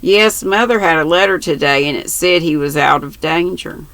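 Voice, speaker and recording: A grandmother voicing an earnest, shy and blunt little boy who talks gravely in a storybook reading. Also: deep voice, moderate pace, fairly bright tone, dry recording.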